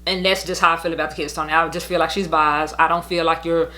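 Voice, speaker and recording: A woman's voice: low voice, flat delivery, quick pace, pushed and bright. A young woman telling her custody story in a casual storytime monologue, blunt, heated and profane, rambling as she goes.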